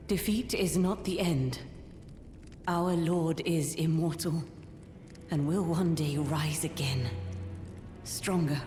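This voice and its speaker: A grave, low-voiced servant of a fallen lord. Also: female voice. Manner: formal, grave and measured. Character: solemn devoted female servant of a fallen lord. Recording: game audio, echoey with loud music.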